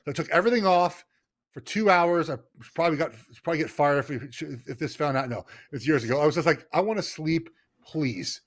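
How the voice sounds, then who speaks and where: A man's voice: fairly high pitch, quick pace. A middle-aged man hosting a podcast, chatting casually and rambling with lots of fillers and restarts. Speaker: podcast host. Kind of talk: casual chat.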